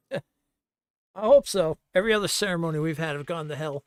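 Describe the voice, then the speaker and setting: A man's voice: fairly high pitch, fairly quick, long pauses, clear, resonant tone, dry recording. A man streaming a role-playing game, chatting casually and thinking aloud as he plays. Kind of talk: casual gameplay commentary.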